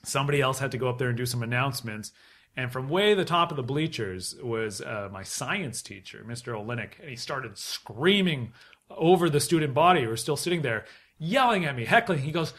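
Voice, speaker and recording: A Canadian man in his thirties, appearing as a podcast guest, tells a long anecdote and acts out the people in it. He's an animated storyteller who laughs often, speaking briskly in a slightly high voice.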